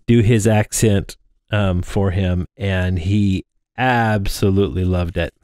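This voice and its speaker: Here a thirtysomething man chats loosely about assembling a drone frame, full of fillers and false starts. He speaks with a fairly low, darkish voice that is clear and resonant. The close microphone before him yields a dry, studio-quality recording.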